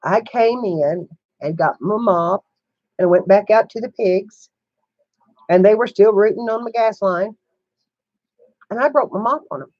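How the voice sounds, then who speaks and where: A woman's voice: medium pitch, measured pace, pauses often, no echo, dull audio. An older woman hosting a casual livestream chat from home, telling stories, laughing often and greeting viewers as they come in. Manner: chatty storyteller who greets viewers mid-story and laughs a lot. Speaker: channel host. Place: home room with sewing setup.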